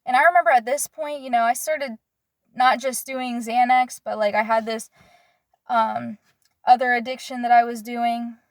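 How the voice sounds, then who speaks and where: A young woman with a slightly high voice shares a personal story in a confessional way. She is earnest and halting, stopping often to search for her words. The sound is close and dry, with no room behind it. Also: steady tone, no room sound.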